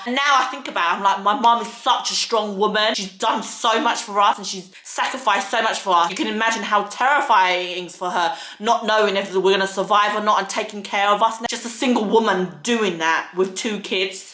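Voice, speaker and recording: Bright-voiced woman telling her story. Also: medium pitch, a little fast, hardly any pauses, roomy sound. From United Kingdom. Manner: earnest, candid, slangy retelling. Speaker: vlogger. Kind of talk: casual storytelling. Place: home filming set.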